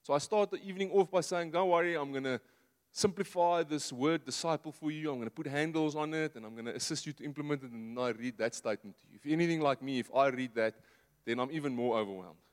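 A man preaching a sermon in a conversational way, asking the congregation rhetorical questions and dropping to a soft low voice to make a point. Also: quick pace. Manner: drops to a soft low voice for emphasis. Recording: long hall reverb.

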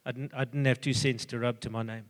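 A man's voice: mid-range voice, fairly even intonation. Older guy sharing a testimony, lots of uhs and restarts, echoey hall. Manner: earnest, halting storytelling with many fillers and restarts. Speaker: church member giving a testimony. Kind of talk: personal testimony.

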